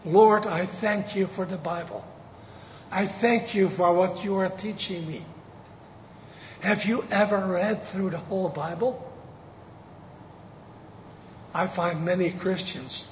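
A man preaching a sermon, slow and emphatic, drawing out the key words. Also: high-pitched, slight background noise. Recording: echoey hall with faint ambience.

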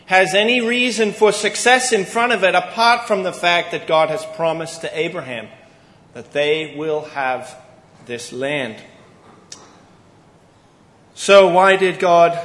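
A man delivers an expository sermon from a church sanctuary, his slightly high voice carrying through a roomy space with a long, lingering reverb. He speaks earnestly, stressing key phrases and pausing deliberately. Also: a bit bright. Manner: earnest, emphatic expository preaching with deliberate pauses. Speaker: preacher.

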